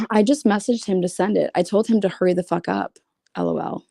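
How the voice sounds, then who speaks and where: A woman's voice: mid-range voice, a little fast, creaky, darkish tone, no room sound, studio quality. A woman streaming casually, reading private messages aloud with blunt, sarcastic, profane asides. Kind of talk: casual livestream commentary.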